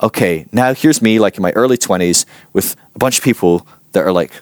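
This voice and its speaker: A man giving a personal testimony talk, telling his story with animated, self-mocking humor. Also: lowish voice, a little fast, no echo. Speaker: Christian teacher.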